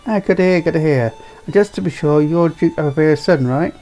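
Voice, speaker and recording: A jovial middle-aged market trader greets his customers heartily, as a man puts him on. The voice sits a touch high, with a friendly, easygoing manner. Soft music plays faintly underneath. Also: a little fast, close to an everyday voice. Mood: reassuring. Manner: hearty and friendly, calls people lad.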